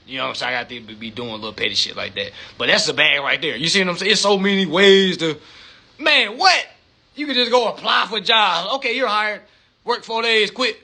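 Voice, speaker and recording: A man talking casually and profanely on a livestream, animated and acting out phone calls. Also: on the high side, creaky, slightly rough. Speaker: social media live host.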